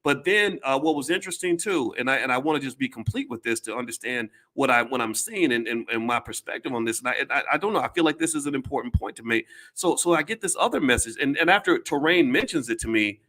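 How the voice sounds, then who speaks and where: This is a man with a middle-pitched voice, talking straight to his viewers in casual commentary. He is blunt and emphatic and swears now and then. He often stumbles, repeats a word and starts the sentence over. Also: lively intonation, fast talker, hardly any pauses, a bit bright. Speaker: commentator addressing his audience.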